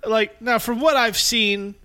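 A man with a bright, forceful voice pitched a little high, co-hosting a loose movie podcast. He talks casually and bluntly, swears freely and laughs easily. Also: fairly even intonation, a little slow, smooth. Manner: profane, opinionated, laughs often. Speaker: podcast co-host. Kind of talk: casual chat.

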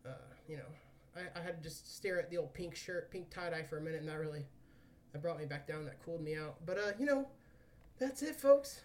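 A podcast host, still out of breath after doing squats, talks in a fairly high, slightly mellow voice at a fairly quick clip from a distant mic. He's laid-back and jokey, swearing casually now and then.

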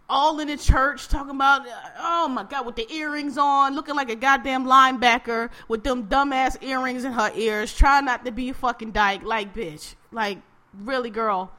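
Brief: woman host, casual rant, bright voice, pitched a bit high. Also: normal speed. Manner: profane, animated ranting. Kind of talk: casual chat.

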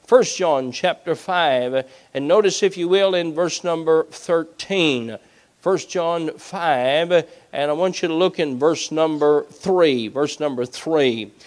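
Forceful preaching pastor, man. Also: fairly high pitch, slow pace. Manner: preaching with rising intensity, emphatic Bible reading. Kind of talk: sermon.

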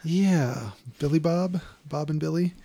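A man's voice: fairly high pitch, a little slow, vocal fry, mellow. A man co-hosting a casual movie podcast, reading his notes with blunt sarcasm. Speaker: podcast co-host.

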